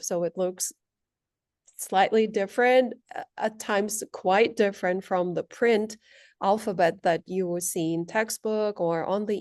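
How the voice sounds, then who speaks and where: A woman language instructor giving a measured, explanatory presentation, walking through her slides with frequent pauses. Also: mid-range voice, darkish tone, dry recording, clean studio sound.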